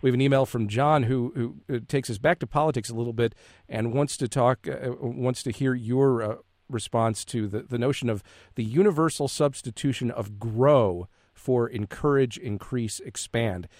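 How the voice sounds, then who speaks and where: Measured male radio host, dry studio. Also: medium pitch, darkish tone, no echo. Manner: measured, reads numbers slowly. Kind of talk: public radio hosting.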